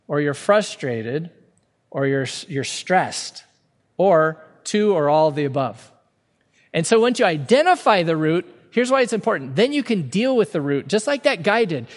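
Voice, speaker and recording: A male pastor delivering a sermon in an earnest, emphatic way, often doubling back on his words as he presses a point. His voice sits high for a man. It rings out with a long reverb, as in a large hall. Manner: earnest, emphatic preaching with frequent restarts.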